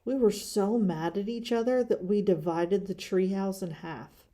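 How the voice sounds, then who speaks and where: A woman reads a wise young girl bear cub from a picture book. She is gentle and coaxing, with a low, mellow tone. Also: measured pace, lightly acted.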